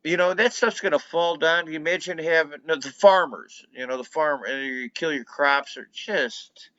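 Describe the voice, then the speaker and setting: A man chatting casually with a friend, often halting and restarting his sentences. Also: fairly high pitch, a bit bright, highs cut off. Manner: halting, full of restarts and fillers. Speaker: guest. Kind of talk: casual chat.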